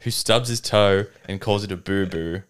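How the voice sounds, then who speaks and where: A man, co-hosting a podcast in casual chat, animated and swearing freely. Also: low-pitched, normal speed, smooth. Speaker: podcast co-host.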